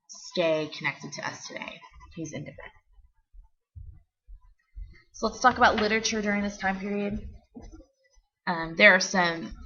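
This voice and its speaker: Husky, gravelly woman lecturing students. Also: lowish voice, pushed and bright. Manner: explains slowly, repeats key terms, checks with "okay?". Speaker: teacher. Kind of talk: recorded classroom lecture. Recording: dull lo-fi recording.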